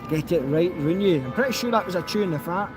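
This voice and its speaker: A man's voice: high voice, animated, fast talker, music in the background. Chatty Scottish man streaming live outdoors. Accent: Scottish, softened. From Scotland. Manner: chatty, rambling, with many fillers and restarts. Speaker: YouTube auditor answering live chat. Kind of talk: casual live-stream chat.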